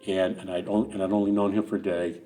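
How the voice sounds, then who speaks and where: A middle-aged man with a deep, warm voice talks fast and flatly, with faint music behind him. He's a guest on a running podcast, spinning long rambling stories packed with restarts and asides in a casual interview.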